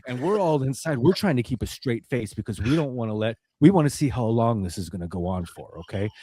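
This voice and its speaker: Animated, laughing male podcast host. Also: mid-range voice, brisk, slight background noise. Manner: animated storyteller, laughs often, swears freely. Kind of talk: casual storytelling chat.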